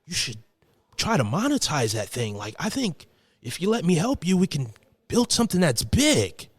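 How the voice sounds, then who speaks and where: A man voicing an eager male friend pitching a business idea, persuasive and full of "like" and "man.". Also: huge pitch swings, normal speed, breathy edge, dry recording, heavily acted.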